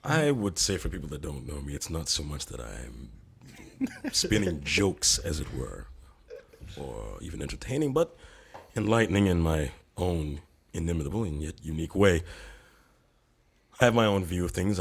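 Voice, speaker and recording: A man playing a pompous deadpan sage. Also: extremely low pitch, vocal fry, breathy edge, voice pushed down, exaggerated voice. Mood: deadpan grandiose. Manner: deadpan, grandiose and slow. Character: pompous self-styled male sage of odd wisdom. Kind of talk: comedy bit in an interview.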